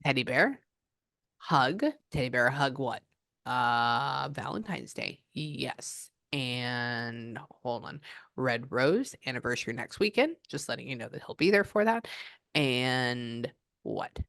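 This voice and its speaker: A woman's voice: rumbling low, lively intonation, a little slow, creaky, fairly bright tone, no room sound, studio quality. A woman psychic medium giving a casual reading, thinking aloud and exclaiming often.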